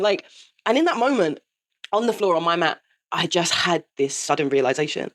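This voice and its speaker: A woman in her forties who hosts her own podcast speaks briskly, with a medium pitch and lively intonation. She delivers a candid, sweary confessional monologue, laughing through the pain.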